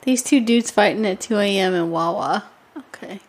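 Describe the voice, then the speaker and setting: A woman's voice: mid-range voice, moderate pace. A woman co-hosting a casual podcast, trading blunt, profane quips. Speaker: podcast co-host. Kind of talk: casual chat.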